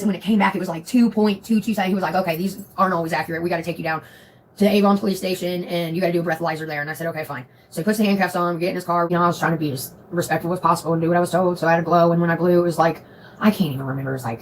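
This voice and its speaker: A woman telling a story to her stream viewers in a profane, animated way. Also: fairly low pitch, slight background noise, poor audio. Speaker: livestream host.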